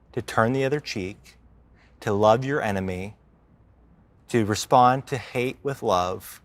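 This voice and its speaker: A man's voice: mid-range voice, no echo. Conversational man preaching a sermon. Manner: conversational preaching, acts out quoted complainers, slows for emphasis. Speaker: life group minister preaching.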